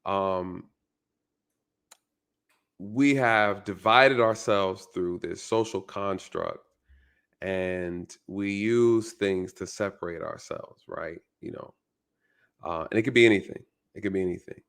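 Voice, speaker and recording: A man's voice: low-pitched, takes it slowly, long pauses, fairly bright tone. A male channel host giving a casual, reflective commentary monologue, often repeating his phrases and checking in with "right?".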